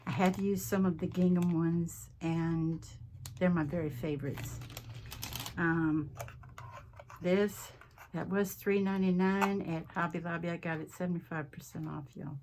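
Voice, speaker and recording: A woman's voice: on the low side, fairly even intonation, a little slow, noisy background. A middle-aged woman, chatting folksily to viewers as she crafts at home and rambling between stories. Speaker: craft vlogger.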